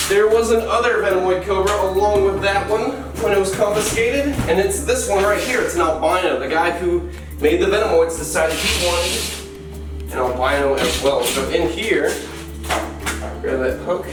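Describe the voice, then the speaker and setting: Slightly high-voiced and playful, a male animal keeper chats casually and talks to the animals as he works in an echoey indoor enclosure room. The vlog is recorded roomy on a distant mic with music beneath.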